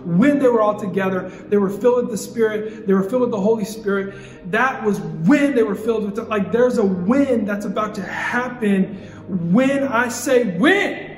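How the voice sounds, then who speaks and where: Young male youth pastor, high voice, rhythmic repeating preaching style, big reverberant hall. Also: moderate pace. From Idaho. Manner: preaching with repeated cadences, storytelling asides. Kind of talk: sermon. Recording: echoey hall with long reverb, soft music.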